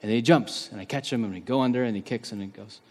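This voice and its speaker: A man in his thirties preaching a sermon in a conversational, animated way, acting out the quotes he tells. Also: fairly low pitch, fast. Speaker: pastor. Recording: long reverb of a large hall.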